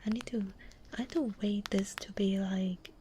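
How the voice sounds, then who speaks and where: A woman streamer chatting in a soft, breathy whisper, playful and giggly, on a close binaural mic. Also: medium pitch, fairly even intonation, moderate pace. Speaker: ASMR streamer. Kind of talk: whispered casual chat on a live stream. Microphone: binaural and condenser studio mics. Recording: noisy stream audio with clicks.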